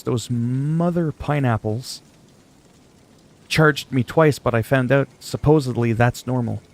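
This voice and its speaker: Gravelly-voiced man chatting on a livestream. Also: mid-range voice. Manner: joking, rambling, reads chat aloud. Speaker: gaming livestreamer. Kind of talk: casual livestream chat.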